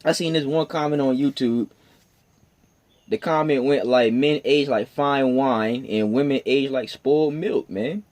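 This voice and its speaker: Man in his twenties on a rambling rant. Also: unhurried. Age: 20s. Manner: rambling, stammering, profane, swings between loud emphatic bursts and low mutters. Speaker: podcast host. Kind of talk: solo morning rant.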